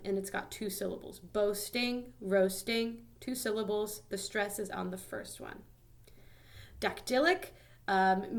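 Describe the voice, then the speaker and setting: A young woman teaching a casual lesson, explaining in a chatty way with many ums and likes. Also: mid-range voice.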